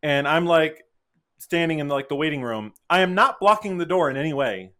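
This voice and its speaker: A man's voice: fairly high pitch, normal speed. A man, a podcast guest, telling a story in casual chat and acting out the voices he quotes. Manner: animated, acts out quoted voices.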